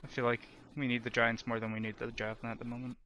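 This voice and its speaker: A man's voice: medium pitch, flat delivery, quick pace, pushed and bright. A man playing a tabletop game who chats casually and in a matter-of-fact way. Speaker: player. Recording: dull, dry sound.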